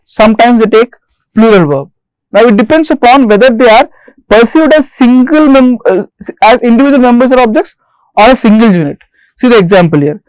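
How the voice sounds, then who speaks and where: A man giving a recorded grammar lecture as a lecturer, stressing single words slowly and repeating each rule and example. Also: extremely high pitch, no echo, low-quality recording. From India. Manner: repeats rules and examples deliberately. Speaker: English lecturer.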